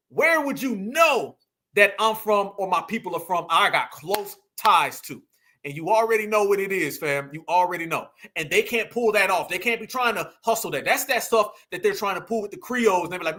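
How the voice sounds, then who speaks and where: A man hosts a live reaction stream in a high, bright voice. He talks emphatically in loose slang, pressing the clips he plays with pointed rhetorical questions. He speaks directly to his chat. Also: animated, a little fast. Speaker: host.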